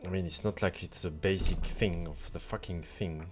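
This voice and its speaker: A man's voice: low voice, fairly even intonation, normal speed, soft background music. A man commenting while he codes, often frustrated and swearing at his tools. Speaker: developer live-coding on stream. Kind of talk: live-coding commentary.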